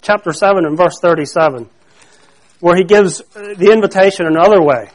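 A man's voice: high voice, brisk. A male pastor preaching a sermon to his congregation, talking conversationally, repeating and restarting phrases and quizzing the listeners to fill in words.

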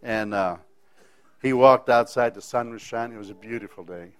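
A man's voice: mid-range voice, moderate pace, clean tone. A man telling a personal faith testimony in a folksy, rambling way, often restarting his sentences. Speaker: speaker sharing a faith testimony.

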